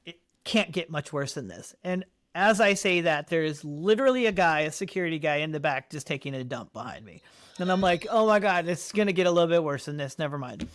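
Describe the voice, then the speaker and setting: A man with a fairly high voice tells a story as a podcast guest. He talks casually and acts out the quotes with sudden jumps in pitch. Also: animated, fairly quick, a bit bright. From Colorado, United States.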